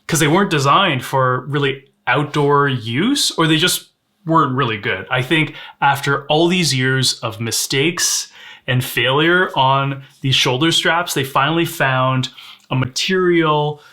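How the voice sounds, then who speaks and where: A man's voice: medium pitch, a little slow, pushed and bright. A man reviewing a sling bag in a casual, candid way, showing its features as he talks. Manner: conversational, candid, demonstrating gear on camera. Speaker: gear reviewer.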